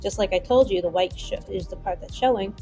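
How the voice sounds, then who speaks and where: A woman hosting a casual software tutorial, chatty and rambling with playful asides. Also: mid-range voice, brisk, faint music behind. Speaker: tutorial host.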